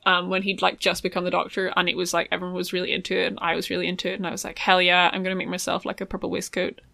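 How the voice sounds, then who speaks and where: A woman's voice: lowish voice, monotone, racing, gravelly, pushed and bright, no echo. A young woman chatting casually about making her own clothes, rambling with many ums and likes. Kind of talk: casual chat.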